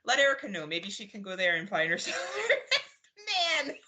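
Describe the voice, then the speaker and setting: A woman's voice: on the high side, wildly swooping pitch, moderate pace, pushed and bright. A woman from Canada co-hosting a podcast, chatting casually with lots of laughing, swearing and rambling banter. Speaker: podcast co-host. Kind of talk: casual chat.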